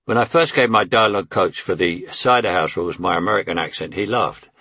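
A man's voice: low voice, fairly quick, pushed and bright, no room sound. A man in his eighties with a London Cockney accent, reading his memoir in a wry, conversational way. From England. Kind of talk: audiobook memoir narration.

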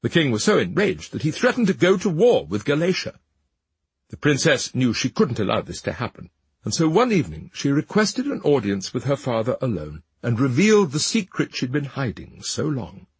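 Very breathy male storyteller. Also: mid-range voice, moderate pace, no echo. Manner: expressive, dramatic reading. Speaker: narrator. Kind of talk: storybook narration.

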